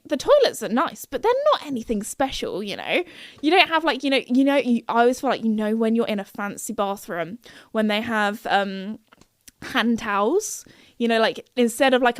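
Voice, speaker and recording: A woman's voice: on the high side, no echo, studio quality. A young British woman hosting a podcast, chatting casually and rambling with lots of self-corrections and giggles. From United Kingdom. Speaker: podcast host. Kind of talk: casual solo chat.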